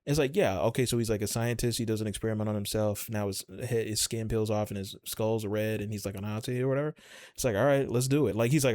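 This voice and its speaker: A man's voice: fairly low pitch, fairly even intonation, fast, a little mellow, no echo. A man co-hosting a podcast, talking in a rambling, casual way with lots of fillers and swearing. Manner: rambling, profane, filler-heavy. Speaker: podcast co-host. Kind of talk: casual chat.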